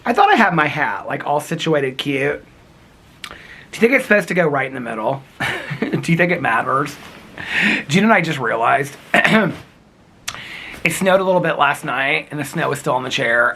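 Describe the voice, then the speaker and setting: Lively, chatty male vlogger outdoors. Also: mid-range voice, normal speed, husky. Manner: chatty and playful, sing-song greetings, laughs often. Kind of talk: casual daily vlog chat. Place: outdoors on a chair in the snow.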